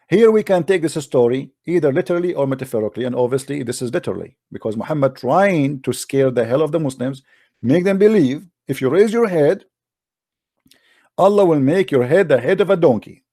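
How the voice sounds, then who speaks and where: A man's voice: fairly high pitch, lively intonation, normal speed, dark tone, dry recording. Argumentative man, dry close sound. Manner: argumentative, mocking, challenging. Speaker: host. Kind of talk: debate on a live call-in stream.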